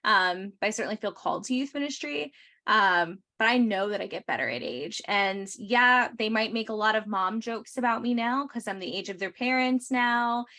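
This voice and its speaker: Bright-voiced earnest woman. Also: mid-range voice, expressive, moderate pace. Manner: earnest, emphatic, many fillers. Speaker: youth ministry panelist. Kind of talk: casual podcast chat.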